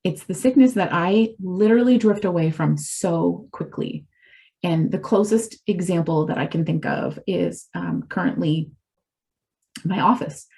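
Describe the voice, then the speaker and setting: A middle-aged woman speaks for a recovery community, giving an earnest, confessional testimony that rambles as she shares her story candidly. Her fairly low voice is creaky and dark-toned, with a measured pace.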